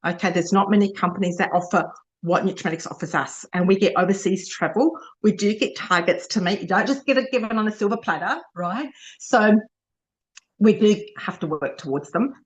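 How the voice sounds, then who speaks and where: A woman's voice: mid-range voice, fairly quick, lo-fi sound. A middle-aged Australian woman giving an informal motivational talk as a sales director. She is chatty and emotional, laughs often, and repeats and corrects herself as she speaks.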